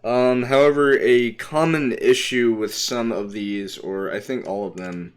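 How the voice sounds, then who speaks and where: Slow, rambling young man on stream. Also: medium pitch, steady tone, clear, resonant tone. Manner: rambling, hesitant, lots of ums; explains toys while showing them to the camera. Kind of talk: casual livestream chat.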